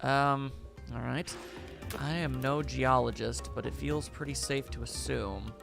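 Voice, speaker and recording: Gravelly, playful man playing a game. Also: mid-range voice, fairly even intonation, measured pace, over music. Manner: playful, chatty, talks to the game. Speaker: video game streamer. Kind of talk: let's play commentary.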